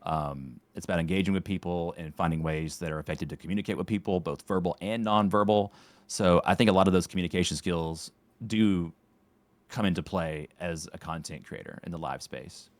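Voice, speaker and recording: A man in his late thirties, a podcast guest who coaches tennis and streams, talking in an unhurried way with dry, sarcastic wit. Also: sits low, dry recording. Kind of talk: casual interview chat.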